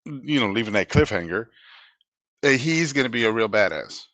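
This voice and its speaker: A man's voice: mid-range voice, expressive, moderate pace, fairly bright tone, dry recording. A man co-hosting a casual movie review show, agreeable and chiming in with short replies. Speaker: podcast co-host.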